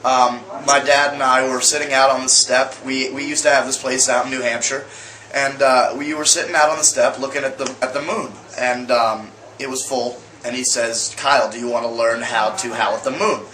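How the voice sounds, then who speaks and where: A young man talks to his camera in a loose, rambling way, stumbling over fillers and restarting his sentences. His voice is bright and forward. The room around him echoes, with a faint hum of ambient noise underneath. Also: medium pitch, little pitch movement, moderate pace. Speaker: vlogger. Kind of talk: casual storytelling to camera.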